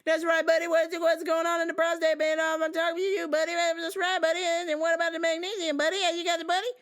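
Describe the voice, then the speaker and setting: A woman putting on the voice of a pestering male customer who talks fast and says buddy in every line. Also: little pitch movement. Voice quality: whiny high-pitched repetitive. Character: nagging complaining male customer.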